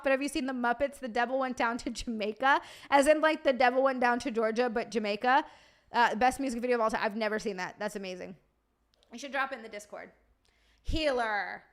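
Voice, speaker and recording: A woman's voice: fairly high pitch, a bit bright. A young woman streamer chatting casually, swearing freely and answering her live chat.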